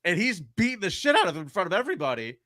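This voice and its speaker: A man co-hosting a podcast, telling a true-crime story in an animated, profane way. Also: sits high, very fast, dry recording, clean studio sound. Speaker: podcast co-host.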